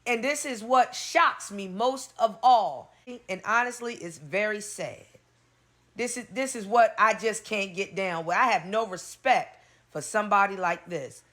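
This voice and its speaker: A woman's voice: medium pitch, normal speed, fairly bright tone. A woman hosting a gossip commentary, blunt and sassy, laughing often as she reads posts aloud. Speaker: gossip channel host.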